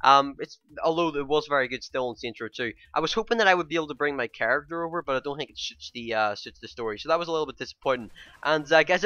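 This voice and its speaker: Brief: male gaming vlogger, quick, bright and tense in tone, rambling chat on a dull lo-fi dry mic. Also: a little high, no echo. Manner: rambling, many fillers, keeps addressing viewers as guys. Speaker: gaming YouTuber. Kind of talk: casual game first-impressions vlog.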